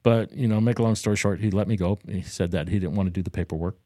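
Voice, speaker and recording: A man's voice: quick pace, dry recording, clean studio sound. A man co-hosting a podcast, telling a story in casual banter and acting out the voices of the people in it. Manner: animated, acts out quotes with a higher voice. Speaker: podcast co-host. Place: Daytona Beach, Florida.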